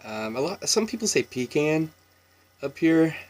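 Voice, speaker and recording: A young man from Washington State with a Pacific Northwest American accent, chatting casually in a relaxed, meandering way for an accent tag video. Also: a little high, unhurried. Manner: relaxed, meandering, with laughs and many fillers. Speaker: vlogger.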